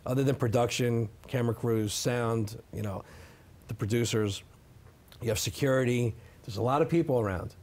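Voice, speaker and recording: Man, middle-aged, interview guest, emphatic storytelling, keeps asking "okay?", ordinary pitch. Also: moderate pace, a little mellow. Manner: emphatic, repeats "okay?" for effect. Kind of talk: sit-down interview, telling stories.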